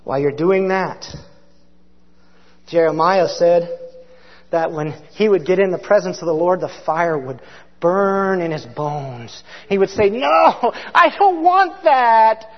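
High-voiced impassioned male preacher in a hall. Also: measured pace, long pauses. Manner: impassioned, swings from loud to hushed. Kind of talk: sermon. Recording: dull, reverberant hall sound.

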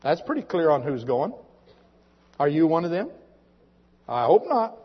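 A man preaches a sermon in a church, reading a dramatic poem with earnest feeling. His voice sits somewhat high, and the muffled recording carries a long reverb from the sanctuary. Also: very animated, measured pace, slightly rough.

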